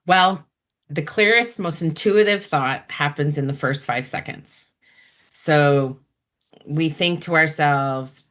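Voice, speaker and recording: A woman in a relaxed interview conversation, her speaking voice sitting a little low. She talks with energy and often slips into quick acted-out asides for the voices in her head. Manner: animated, acts out inner voices in quick asides. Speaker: guest.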